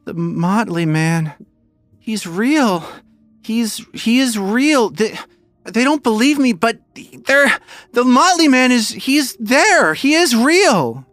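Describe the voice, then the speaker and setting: A man voicing a frantic, possessed young girl who stammers through shrill, broken outbursts. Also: lively intonation, takes it slowly, fairly bright tone, dry recording, exaggerated voice.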